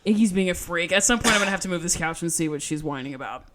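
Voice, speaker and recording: A woman's voice: on the low side, lively intonation, racing, over a noisy crowd. A young adult woman hosting a podcast, chatting casually with profane, teasing banter and frequent laughter. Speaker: podcast host. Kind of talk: casual chat.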